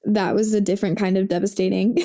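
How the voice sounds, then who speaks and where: Warm-voiced woman chatting as a guest. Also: mid-range voice, little pitch movement, quick pace. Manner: chatty, filler-heavy, warm laughs. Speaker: podcast guest. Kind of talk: casual conversation.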